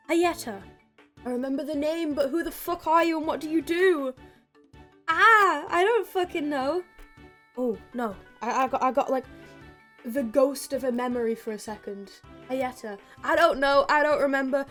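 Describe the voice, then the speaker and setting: Giggly, foul-mouthed high-voiced woman. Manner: giggly, profane and excitable. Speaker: gaming streamer. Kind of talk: casual tier-list commentary.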